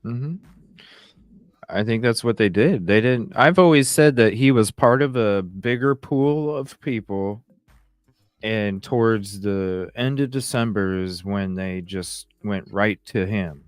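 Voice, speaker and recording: A man's voice: lowish voice, slow, no echo, studio quality. A man hosting a podcast, talking in an easygoing, rambling way in casual discussion. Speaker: podcast host.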